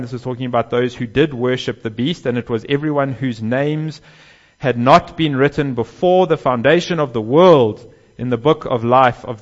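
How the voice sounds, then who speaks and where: A man preaching a sermon, swelling loud on key phrases and dropping low and soft on others. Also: dull audio. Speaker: pastor.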